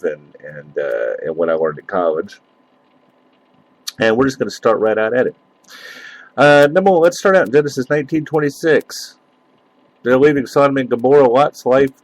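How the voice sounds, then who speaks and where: A man's voice: on the low side, dry recording, rough recording. A man hosting a solo podcast, talking in a loose, rambling way that is profane and mocking. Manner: loose and rambling with many fillers. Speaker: podcast host. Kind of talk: casual solo podcast rant.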